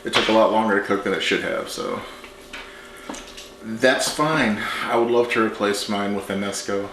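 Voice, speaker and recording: A man hosting a home cooking show, talking through a recipe in a relaxed, chatty way as he works in his kitchen. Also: fairly low pitch, moderate pace, slight background noise. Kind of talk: casual cooking demonstration. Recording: echoey kitchen with clattering dishes.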